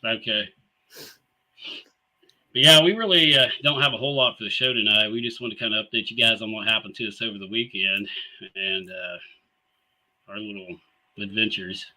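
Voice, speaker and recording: A man's voice: on the low side, fairly even intonation, normal speed, pauses often, sharp tone, low-quality recording. A man, hosting a casual live talk show and telling stories in an easygoing, rambling way full of fillers and chuckles. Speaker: show host.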